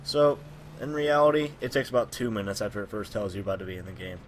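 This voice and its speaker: A lowish male voice, slightly raspy from a cold. He talks through gameplay in a loose, rambling way, full of fillers and mid-sentence corrections. He speaks into his own microphone, with a faint hiss behind him. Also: lively intonation, quick pace. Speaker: gameplay commentator. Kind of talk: casual gameplay commentary. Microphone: personal microphone.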